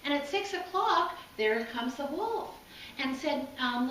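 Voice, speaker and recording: A woman preacher with a high voice, relating a folk tale in an easy, folksy storyteller manner. She is picked up from a distance in a big, echoing church hall with a faint hum of room sound. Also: expressive, slow pace, fairly bright tone. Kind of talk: sermon storytelling. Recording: echoey hall, from far off.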